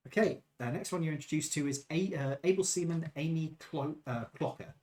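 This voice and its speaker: A man's voice: fairly high pitch, brisk, a little mellow. A man running a tabletop game as game master, narrating casually with hesitant fillers.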